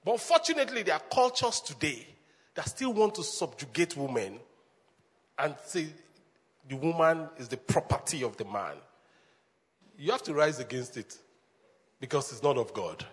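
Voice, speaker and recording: A man preaching as a pastor, animated, laughing often and calling the congregation to answer back. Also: on the high side, moderate pace, long pauses, slightly rough. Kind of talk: sermon. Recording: long hall reverb.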